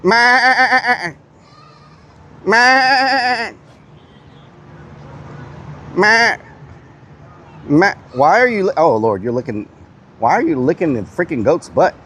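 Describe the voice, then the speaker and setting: A man's voice: mid-range voice, big pitch swings, fairly quick, slight background noise. A man hosting a livestream outdoors at a petting zoo, goofily teasing the animals. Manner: goofy, teasing animals, bleats at them. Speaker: livestream host. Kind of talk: casual livestream chatter.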